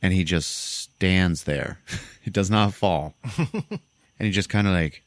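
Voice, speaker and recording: A man hosting a podcast, casually retelling a movie plot in an animated, profane way and acting out the characters' lines. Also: low voice, slow pace, dry recording. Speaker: podcast host.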